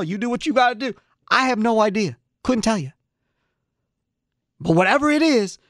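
A man's voice: extremely high pitch, bright, forceful tone, no echo, clean studio sound. A man hosting a sports talk radio show, ranting in a fired-up way and firing off repeated rhetorical questions.

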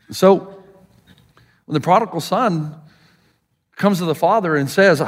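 A man's voice: on the high side, slow pace, long pauses. A middle-aged man with an American Southern accent preaching a sermon, telling stories and acting out the people he quotes. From Southern United States. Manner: animated storytelling, voicing quoted people. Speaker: pastor.

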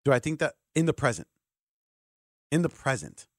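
A man hosting a sports talk radio show, animated and joking, often jumping in over the others. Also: mid-range voice, normal speed, no room sound, studio quality.

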